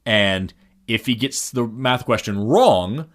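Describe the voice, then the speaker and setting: A man's voice: mid-range voice, animated, slow pace, a bit bright. A man co-hosting a podcast, telling a long story in casual chat, with many fillers and restarts. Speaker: podcast co-host.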